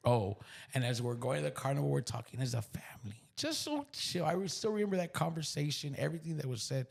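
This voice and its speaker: South texas guy telling a raw personal story, swears a lot, goes from whispering to loud, kinda high raspy voice. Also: expressive, quick pace. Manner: raw, profane, swinging from hushed whispers to loud bursts. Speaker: podcast guest. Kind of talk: emotional storytelling.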